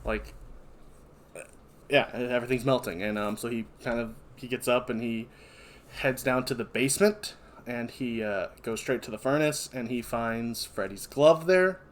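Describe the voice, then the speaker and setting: A man's voice: mid-range voice, normal speed. A man with a Kentucky accent, a podcast co-host, retelling a film in loose casual chat with fillers and self-corrections.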